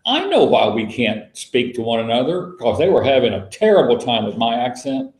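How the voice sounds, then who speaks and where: A man's voice: medium pitch, very animated, normal speed, a little mellow. Bible study leader, male, folksy storyteller, roomy echo on the recording. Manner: folksy storytelling, spells words out letter by letter. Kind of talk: casual teaching talk to a small group.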